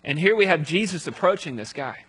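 A male pastor giving a conversational sermon, telling the story aloud and dropping to a hush at solemn moments. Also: fairly high pitch, expressive, fairly quick, slightly rough, rough recording.

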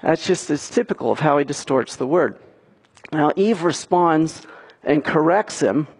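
A man's voice: on the high side, lively intonation, unhurried, slightly rough. A man preaching a sermon as a pastor, earnest and pushing his points with emphatic questions.

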